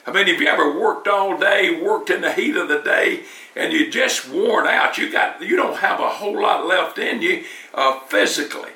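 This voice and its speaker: Preaching in a church, a man with a high-pitched, pushed and bright voice speaks conversationally at normal speed with lively intonation, often repeating words as he restarts. The recording sounds roomy, as if from a distant mic.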